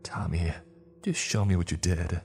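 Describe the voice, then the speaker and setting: A man voicing a cold, menacing young man who questions a captive in a slow low drawl. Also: steady tone, vocal fry, a little mellow, slight background noise. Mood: coldly insistent.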